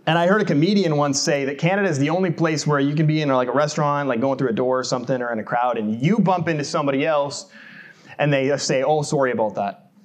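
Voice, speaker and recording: Conversational American pastor preaching. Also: male voice, on the high side, quick pace. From United States. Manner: conversational, self-deprecating humor with rhetorical questions to the congregation. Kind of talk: sermon. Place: church.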